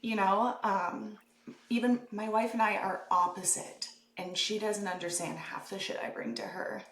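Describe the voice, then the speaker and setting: A woman's voice: mid-range voice, steady tone, moderate pace, vocal fry, a bit bright, echoey room. A young adult woman hosting a casual podcast conversation, talking candidly and chattily with the odd swear word. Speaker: podcast host.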